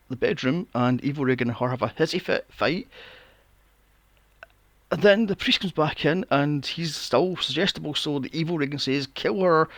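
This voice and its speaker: A man hosting a podcast, recapping a film plot in a casual, animated way, swearing often and acting out his own reactions. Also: on the high side, no room sound. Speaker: podcast host.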